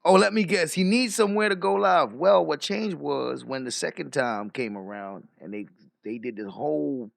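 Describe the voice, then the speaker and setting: A man hosting a livestream, reading out donor messages and reacting with profane, animated commentary. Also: on the high side, moderate pace, gravelly, no room sound. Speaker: livestream host.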